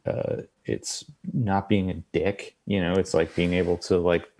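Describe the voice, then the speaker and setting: A man's voice: low voice, level tone, unhurried, darkish tone. A man, a guest musician, chatting casually in a rambling, hesitant way. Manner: hesitant, rambling, lots of fillers and restarts. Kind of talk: casual podcast chat.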